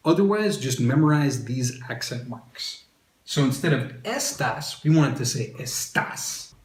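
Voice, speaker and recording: A man teaching a video lesson, with an upbeat manner and joking asides to the viewer. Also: mid-range voice. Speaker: Spanish teacher. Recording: roomy echo.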